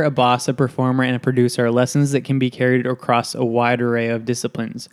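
A man reading questions aloud in a casual book discussion group, then answering earnestly and poking a little fun at himself. His voice is smooth and clear. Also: medium pitch, monotone, fast talker, few pauses. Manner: earnest, self-deprecating.

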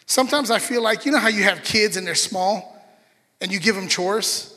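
Male pastor, high bright voice, lively sermon delivery, long hall reverb. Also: moderate pace. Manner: animated, chatty asides to the congregation.

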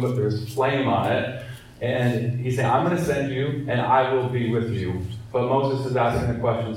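A man's voice: mid-range voice, darkish tone. A man in his thirties giving a casual but earnest church training talk and reading scripture aloud, with frequent fillers and restarts. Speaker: evangelism trainer. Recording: very echoey room, mic far off.

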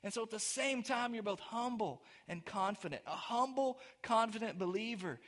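Guy preaching a sermon, pretty high voice, chatty asides then big rising punchy lines. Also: lively intonation, moderate pace, fairly bright tone. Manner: dynamic preaching, rising to emphatic peaks; conversational asides to the congregation. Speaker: pastor.

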